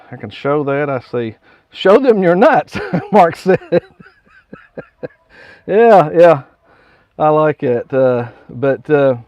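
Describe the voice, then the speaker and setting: A man's voice: fairly high pitch, clear, resonant tone, no echo, lo-fi sound. A man with a West Virginian accent, hosting a casual live morning chat, rambling folksily and reading viewer comments aloud with chuckles. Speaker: host of a live morning coffee stream.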